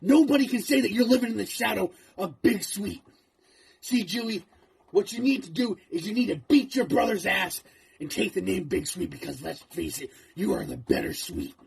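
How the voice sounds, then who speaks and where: A man with a high-pitched voice cuts a trash-talking wrestling promo. There is a gravelly rasp under his menacing, profane taunts, with a faint hiss of noise behind him. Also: expressive, moderate pace.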